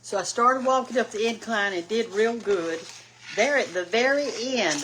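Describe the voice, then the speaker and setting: Cooking in her home kitchen, an older woman with a Southern US accent keeps up a folksy, casual chat as the show's host. She speaks at normal speed in a mid-range, slightly bright voice, over a little hiss or hum.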